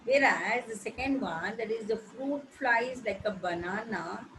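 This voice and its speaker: A woman's voice: fairly high pitch, measured pace, a bit bright. Woman, English teacher, spells words letter by letter, hesitant with fillers, noisy recording. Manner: hesitant, with frequent fillers and self-corrections. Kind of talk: recorded vocabulary lesson.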